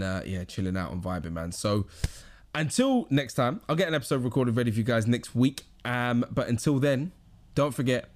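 A young podcast host with a southern English accent talks on his own in a loose, rambling way, restarting sentences and dropping slang. His pitch swoops up and down a lot. He sounds like he is chatting to friends rather than following a script. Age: young adult. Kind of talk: casual solo podcast chat.

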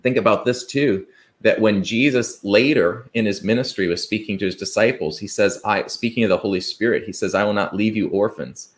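A man's voice: fairly low pitch, brisk. A man preaching an earnest, conversational sermon, asking rhetorical questions and quoting scripture. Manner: conversational, with fillers and restarts.

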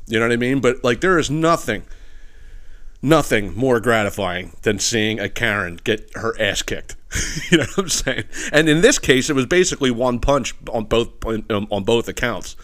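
A man's voice: medium pitch, expressive, normal speed, a bit bright. A man hosting a podcast, telling stories in a casual, profane rant with lots of filler phrases and laughter at his own jokes. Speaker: podcast host. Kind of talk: casual ranting storytelling.

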